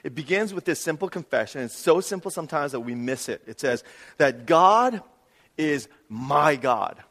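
A man preaching a sermon as pastor, swinging between loud emphatic stretches and soft hushed ones. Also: a little high, lively intonation, normal speed, in a large hall.

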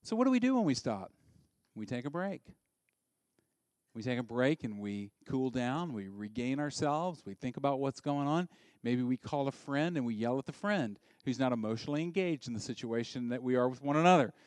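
A middle-aged man preaching a sermon, swinging from soft asides to loud, emphatic peaks. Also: medium pitch, lively intonation, moderate pace, no echo. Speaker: pastor.

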